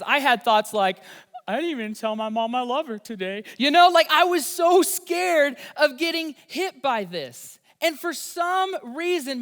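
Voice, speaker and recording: Young male youth pastor, high voice, animated storytelling, reverberant room. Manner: energetic storytelling. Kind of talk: youth sermon.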